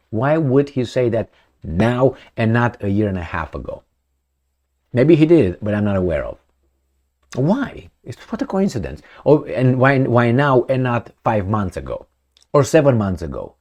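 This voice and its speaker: A man giving sarcastic political commentary with non-native phrasing, animated and fond of mouthing sound effects. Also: mid-range voice, normal speed.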